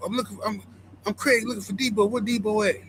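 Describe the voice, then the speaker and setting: High-voiced, animated podcast co-host. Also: male voice, quick pace, a little hiss or hum, rough recording. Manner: animated storytelling, mimicking others. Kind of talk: casual chat.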